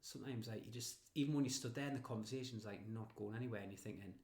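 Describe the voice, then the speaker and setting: A man's voice: medium pitch, rapid-fire, a little mellow, roomy sound. A man co-hosting a podcast in casual chat. He laughs a lot, swears freely and acts out little scenes. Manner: laughs often, sweary, acts out bits of stories. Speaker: podcast co-host.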